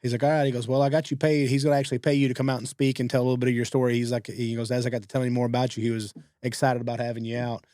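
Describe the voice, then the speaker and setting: A man, co-hosting a podcast and telling stories in a casual, animated way, acting out what other people said. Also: medium pitch, no echo, clean studio sound. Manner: fast-talking, animated quoting of others. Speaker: podcast co-host. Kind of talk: casual storytelling.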